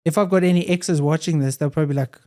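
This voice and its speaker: A man's voice: on the high side, very fast, dark tone. A young adult man, a podcast guest, talking in an earnest, reflective way and often repeating phrases. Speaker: podcast guest, hybrid athlete. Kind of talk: casual conversation.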